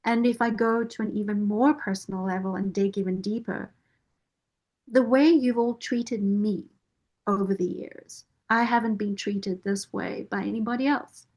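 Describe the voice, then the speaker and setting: A woman, a parent caregiver and board member, speaking earnestly and with measured pauses in a heartfelt interview testimonial. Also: mid-range voice, steady tone, a little mellow.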